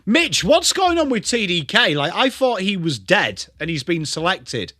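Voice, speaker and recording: English guy on a live footy stream, chatty, shouting out viewers, kinda high bright voice. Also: unhurried, no echo, studio quality. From England. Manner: chatty, greets chat viewers by name, excitable. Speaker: livestream host. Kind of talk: live sports watchalong chat.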